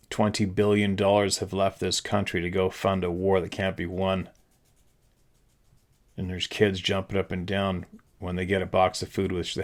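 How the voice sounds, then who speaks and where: Low flat-voiced man ranting, frustrated. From Canada. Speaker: channel host. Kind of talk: ranting monologue.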